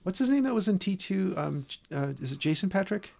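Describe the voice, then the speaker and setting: A man in casual chat about films, animated and playful, drifting into silly voices. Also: high-pitched, brisk, gravelly.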